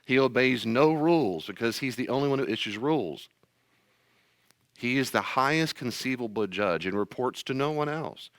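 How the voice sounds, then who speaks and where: A man's voice: mid-range voice, lively intonation, moderate pace, fairly bright tone, dry recording. A man who is a pastor, giving a blunt, emphatic sermon-style teaching talk and acting out little scenes along the way.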